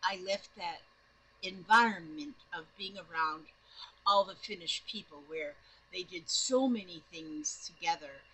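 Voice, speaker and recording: Woman vlogger from northern Minnesota, bright husky voice, rambling excitable home chat. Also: fairly low pitch, measured pace, poor audio. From northern Minnesota, USA. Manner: excitable, rambling, full of restarts. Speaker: doll-making vlogger. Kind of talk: casual rambling chat to camera. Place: home in Florida.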